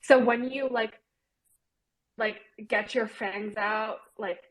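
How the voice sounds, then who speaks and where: A woman's voice: a little high, fairly even intonation, slow, poor audio. A woman in casual group chat, talking loosely and hesitantly with many fillers.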